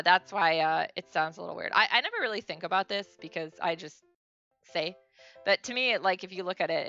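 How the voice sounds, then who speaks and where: A woman's voice: lowish voice, creaky, bright, forceful tone, highs cut off. A woman streamer giving a casual beginner language lesson, chatty and full of fillers and self-corrections.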